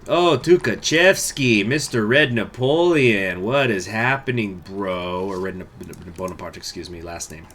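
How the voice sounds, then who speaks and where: A man commentating a strategy game playthrough, chatty and excitable, reading the game's text aloud. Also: on the low side, moderate pace, hardly any pauses. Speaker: gaming channel host. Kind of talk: let's play commentary.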